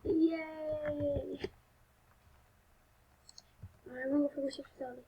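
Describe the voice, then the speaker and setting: A woman's voice: sits high, fairly even intonation, measured pace, dull audio, slight background noise. A young woman commenting on a video game as she plays, turning panicky and often dropping to a whisper. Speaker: gaming video host. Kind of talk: live gameplay commentary.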